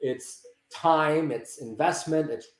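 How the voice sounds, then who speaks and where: A man talking in a casual interview about working with teens. He acts out quoted dialogue in lively voices and often restarts his sentences. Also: a little high, slow. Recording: roomy echo.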